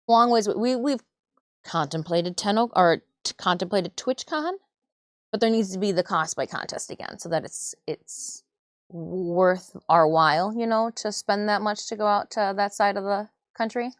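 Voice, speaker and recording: A woman's voice: mid-range voice, moderate pace, dry recording, clean studio sound. Chatty woman livestreaming her crafting. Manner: rambling, chatty, self-deprecating asides. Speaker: livestream host. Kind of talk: casual live-stream chat while crafting.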